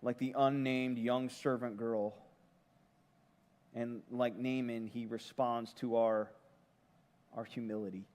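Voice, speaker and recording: A man preaching a sermon as pastor, retelling a story in a conversational, lively way. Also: medium pitch, takes it slowly, long pauses, big-room sound.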